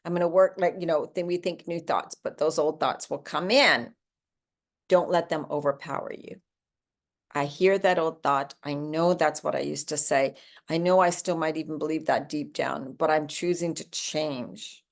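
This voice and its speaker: Woman, sixties, lowish voice, casual motivational talk, encouraging, conversational. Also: normal speed. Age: 60s. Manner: conversational and encouraging, acts out quoted inner voices. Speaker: host giving a morning talk.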